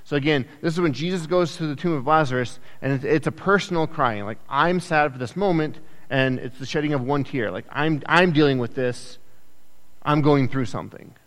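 A man preaching a sermon in a conversational, animated way, acting out the people in the story with quick asides. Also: fairly high pitch. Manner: animated, acts out quoted voices, conversational asides. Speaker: pastor. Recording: echoey hall with long reverb.

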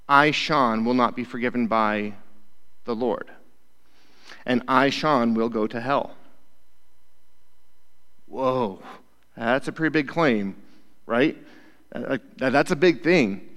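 A man's voice: medium pitch, fairly bright tone. Youth pastor, male, mid-range voice, casual preacher who keeps asking "right?", in a big echoing hall. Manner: conversational, keeps checking in with "right?". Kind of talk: casual sermon. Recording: long hall reverb.

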